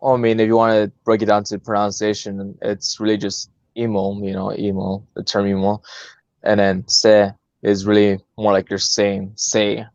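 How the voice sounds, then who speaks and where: A man's voice: lowish voice, monotone, normal speed, darkish tone, no echo. A man co-hosting a podcast, talking in a hesitant, filler-heavy way and laughing often. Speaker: co-host. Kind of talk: casual podcast chat. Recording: dull lo-fi sound.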